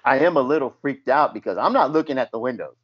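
A former paramedic with a fast, slightly rough, medium-pitched voice chats casually and tells a story with animation, acting out the voices of the people involved. The audio is dull and lo-fi.

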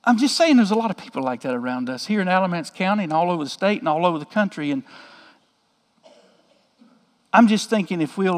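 A man's voice: a little high, big-room sound. A man, a pastor telling a story in a folksy, joking sermon.

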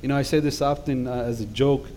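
A man's voice: medium pitch, fairly even intonation, fast, mellow, slight background noise. A middle-aged man, a guest pastor preaching an impassioned sermon in a church that swells into emphatic calls to action. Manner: impassioned, rising to emphatic exhortations. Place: church sanctuary.

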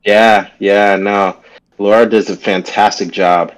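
A man talks casually on a podcast, full of fillers and relaxed swearing. His voice sits a little lower than most men's. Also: takes it slowly, rough recording. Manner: laid-back, filler-heavy, swears casually. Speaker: podcast co-host.

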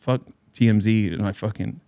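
A man's voice: fairly low pitch, steady tone, moderate pace, vocal fry, dark tone, no room sound, clean studio sound. A man and DJ telling a story in casual chat with friends, loose and profane with bro slang.

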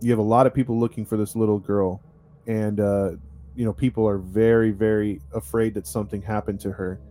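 Low mellow-voiced man. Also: flat delivery, fairly quick. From United States. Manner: chatty and rambling, with many fillers and restarts. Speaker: podcast host. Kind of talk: casual true-crime storytelling.

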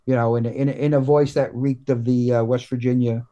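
Halting American man musing on writing. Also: mid-range voice, level tone, dark tone, lo-fi sound. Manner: halting, many restarts and fillers. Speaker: guest comics writer. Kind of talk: casual podcast interview.

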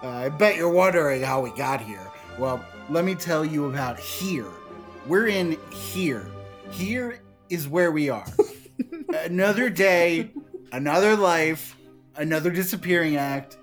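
A man's voice: unhurried, faint music behind. A man voicing a rambling self-pitying park bench. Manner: rambling, deadpan asides, shrill when excited. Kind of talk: comedic script reading.

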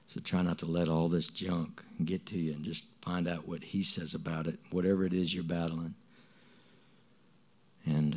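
A middle-aged man giving a spoken testimony to a congregation, talking in a halting, earnest way with many restarts and repeated words. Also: low voice, darkish tone. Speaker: church member giving testimony.

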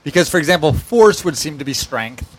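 A man's voice: on the high side, animated, brisk, husky. A man playing in a tabletop game, joking and teasing with the others in casual chat. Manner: playful, teasing. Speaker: player.

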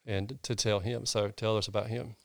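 Middle-aged Southern man, pastor guest, folksy storyteller, smooth and clear. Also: fairly low pitch, normal speed, no room sound, studio quality. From North Georgia, US. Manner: earnest, animated storyteller with folksy sayings. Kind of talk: casual storytelling interview.

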